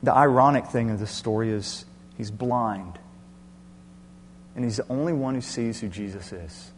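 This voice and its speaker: A male pastor delivering an earnest, explanatory sermon that swings into loud passion. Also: mid-range voice, moderate pace. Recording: echoey hall with faint hum.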